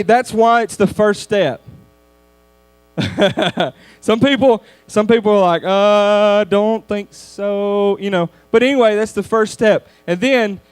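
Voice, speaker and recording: A man giving a youth sermon lesson, in a conversational, animated storytelling manner. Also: sits high, dry recording. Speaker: youth speaker.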